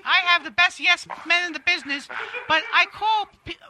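A man's voice: extremely high pitch, moderate pace, noisy background. A man doing a comedic impression of a vain, self-absorbed female celebrity comedian, rambling in a mock-sincere way. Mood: self-admiring. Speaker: comedian guest. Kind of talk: comedic impression in podcast banter.

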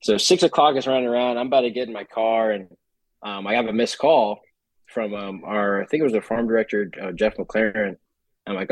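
A young man, a baseball player, telling stories in a relaxed casual interview with lots of fillers. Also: fairly low pitch, fast talker, dry recording, rough recording. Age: young adult. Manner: relaxed storytelling with many fillers.

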